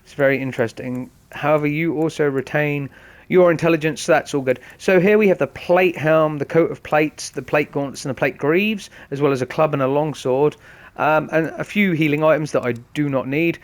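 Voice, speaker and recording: A man's voice: a little high, moderate pace. A man commenting casually on a game, explaining each step to viewers in a chatty way. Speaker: gaming host. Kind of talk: casual let's-play commentary.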